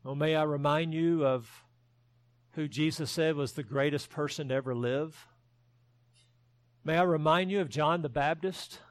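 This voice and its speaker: High-voiced preaching man, dry close sound. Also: measured pace, pauses often, no room sound. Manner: earnest preaching with rising emphasis and self-deprecating humor. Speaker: pastor. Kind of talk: sermon.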